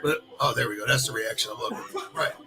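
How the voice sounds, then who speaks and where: A man's voice: mid-range voice, huge pitch swings, fast, crowd noise, rough recording. A man co-hosting a podcast, telling a crude story in a rambling, casual way full of fillers, on a built-in device mic. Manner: rambling, many fillers and acted-out quotes. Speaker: podcast co-host. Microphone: built-in device microphone.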